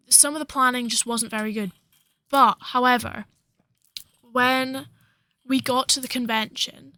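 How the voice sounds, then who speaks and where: Fairly high in pitch, her voice comes across pushed and bright on a dry recording. She's a young woman co-hosting a podcast, loosely chatting and rambling with lots of fillers.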